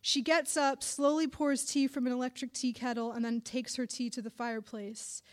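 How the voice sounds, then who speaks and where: A young woman reads her own literary fiction aloud, in a fairly high voice. Her narration is dry and wry, with an even, measured delivery. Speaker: writer reading her story. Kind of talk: literary reading.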